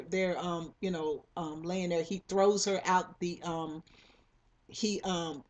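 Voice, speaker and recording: A woman's voice: on the low side, darkish tone. A woman casually retelling the plot of a novel, rambling with many fillers and restarts and briefly acting out the characters' lines. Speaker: book club reader retelling a novel. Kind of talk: casual spoken story retelling.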